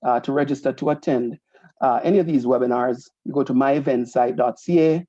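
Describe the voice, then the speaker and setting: Mellow man, muffled lo-fi sound. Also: medium pitch, fairly quick, dry recording. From Jamaica. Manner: conversational, often adding a questioning "right?". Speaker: host of a community association show. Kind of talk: casual community announcements. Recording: slightly muffled lo-fi recording.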